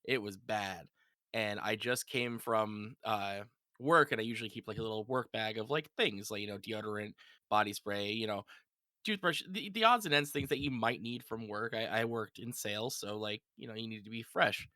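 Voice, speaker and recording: A man's voice: fairly low pitch, moderate pace, sharp tone, dry recording. A man hosting a podcast, telling a rambling, self-deprecating anecdote full of fillers.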